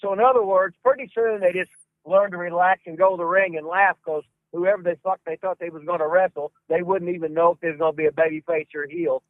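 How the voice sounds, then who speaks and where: An older man, a wrestling trainer, talks fast in a high-pitched voice with fairly even intonation, recorded dry like a phone line. In a profane storytelling interview he rants and curses constantly in a gruff Southern drawl.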